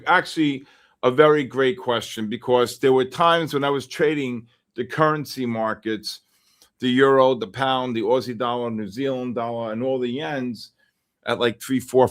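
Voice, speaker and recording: A man's voice: mid-range voice, fairly bright tone. Chatty male trading-stream host. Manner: chatty, calls out viewers by name and coaches them. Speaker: futures trading livestream host. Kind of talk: live trading commentary.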